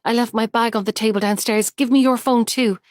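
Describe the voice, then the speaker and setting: A woman's voice: fairly high pitch, fairly even intonation, fairly quick, no room sound, studio quality, natural voice. A woman voicing an alarmed female helper who speaks urgently and practically.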